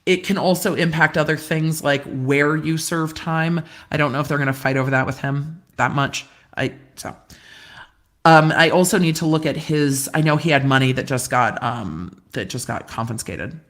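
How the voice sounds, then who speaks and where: A middle-aged woman lawyer hosting a casual live Q&A, reading viewer comments aloud in a chatty way with quick asides and easy laughs, speaking from a rented room. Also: deep voice. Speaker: lawyer and livestream host. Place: rented room indoors, glass cabinets behind her.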